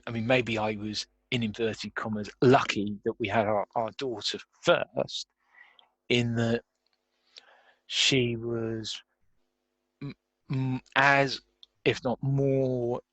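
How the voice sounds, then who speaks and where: Male guest, mid-pitched, chatty, laughs a lot, dry sound. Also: fairly even intonation, extremely slow, long pauses, a bit bright, no echo. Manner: laughs often while talking, reflective. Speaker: guest, career coach. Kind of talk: conversational podcast interview.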